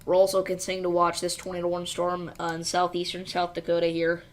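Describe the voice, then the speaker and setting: An American woman livestreams storm tracking, giving relaxed commentary while reading viewer chat aloud and bantering back. Her fairly low voice is completely flat and a little fast, and she pokes fun at herself.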